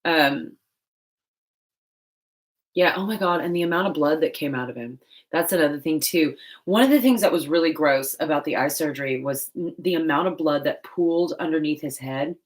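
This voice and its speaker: Low-voiced woman rambling casually while she paints, laughs a lot. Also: moderate pace. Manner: chatty, laughing often, rambling. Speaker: vlogger.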